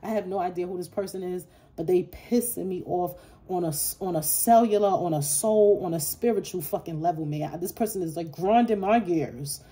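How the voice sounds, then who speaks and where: A woman's voice: fairly low pitch, normal speed, warm tone. A woman reading tarot for her viewers in a casual, slangy way, blunt and profane, often laughing. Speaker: tarot reader.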